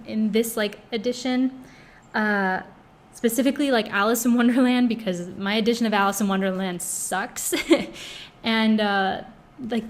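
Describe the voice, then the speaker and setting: Young woman gushing chattily about books. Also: fairly high pitch. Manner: gushing, chatty, many fillers. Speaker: book vlogger. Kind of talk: casual chat book review.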